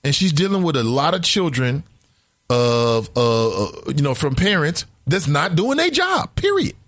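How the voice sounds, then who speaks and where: A man hosting a casual talk radio show, speaking in an animated, emphatic, conversational way. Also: fairly high pitch, measured pace, no room sound, studio quality.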